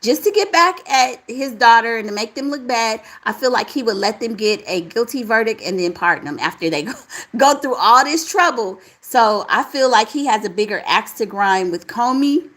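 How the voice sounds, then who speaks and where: A woman hosting a casual live chat, reading out viewer comments and answering them in a relaxed, talkative way. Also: fairly high pitch, moderate pace, poor audio. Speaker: livestream host reading chat.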